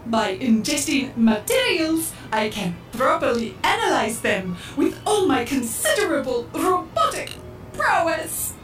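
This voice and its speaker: A woman's voice: sits high, very animated, unhurried, a bit bright, reverberant, recorded from a distance, faint music behind, heavily acted. A woman playing a vain, sarcastic female robot in an audio drama. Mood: smug sarcastic.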